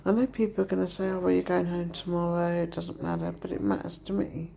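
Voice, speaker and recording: Tired middle-aged woman, gravelly and dark-toned, venting to camera from a hospital bed. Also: on the low side, level tone, fast, slight background noise. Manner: upset, venting, retells dialogue. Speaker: vlogger. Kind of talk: casual vlog rant. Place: hospital room.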